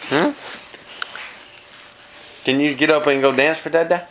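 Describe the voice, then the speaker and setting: A man's voice: on the high side, fairly even intonation, a little slow, pauses often, fairly bright tone. A man filming his small children at home, coaxing them to dance and make animal sounds, laughing often. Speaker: father filming his toddlers. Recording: noisy home video recording.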